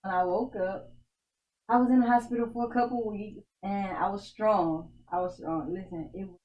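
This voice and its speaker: A woman's voice: mid-range voice, steady tone, moderate pace, darkish tone, highs cut off. A woman who is a guest on a show, telling her personal faith testimony in an emphatic way, repeating phrases for stress and often laughing. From United States.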